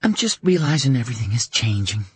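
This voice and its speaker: Earnest early-thirties mother, tender then steady, read by a male narrator, dry close audiobook sound. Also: medium pitch, fast talker, slightly rough, dry recording, pitched above the performer's own voice. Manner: gentle and earnest, turning firm. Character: woman in her early thirties, a loving but firm mother.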